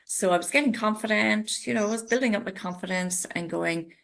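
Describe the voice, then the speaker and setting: A middle-aged woman from Ireland, who owns a retreat, is a guest in a casual interview. Her medium-pitched voice is a bit fast and slightly bright, with vocal fry, as she tells her story with animation and acts out her own past thoughts.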